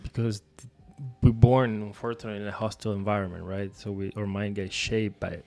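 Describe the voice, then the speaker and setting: A man from Nicaragua with a fairly low voice chats on a podcast. He talks loosely and reflectively and searches for his words as he goes. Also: little pitch movement, fairly quick, a little mellow, faint music behind. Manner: loose, searching, restarts and fillers. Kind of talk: casual reflective chat.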